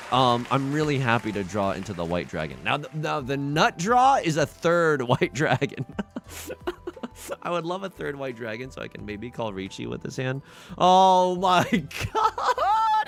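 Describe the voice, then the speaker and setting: Excitable gravelly male game streamer. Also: medium pitch. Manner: wildly swinging, shouts and cries out, laughs often. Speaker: streamer playing online mahjong. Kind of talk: casual live-stream commentary.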